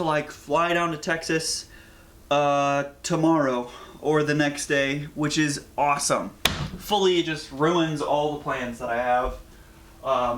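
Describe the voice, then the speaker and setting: A man's voice: fairly high pitch, a bit bright, slight background noise. A young man vlogging casually in a rambling, anxious way, with lots of fillers. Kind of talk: casual vlog.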